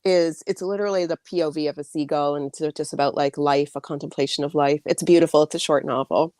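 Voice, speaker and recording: A woman's voice: deep voice, steady tone, quick pace, a little mellow, no room sound, studio quality. A woman author talking as a guest in a casual chat, with a slight lisp on her s sounds.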